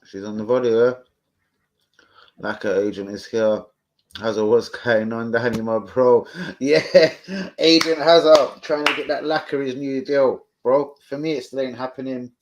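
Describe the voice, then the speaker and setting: A man's voice: mid-range voice, fairly even intonation, measured pace, slight background noise. A man hosting a fan live stream, chatting casually, swearing freely and answering viewers off the cuff. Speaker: fan channel host.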